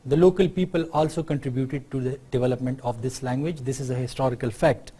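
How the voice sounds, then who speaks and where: A man's voice: mid-range voice, fairly even intonation, fast talker, dark tone, husky. A man from Pakistan with a Pakistani accent, giving a university lecture in an explanatory way and often checking in with the class through tag questions.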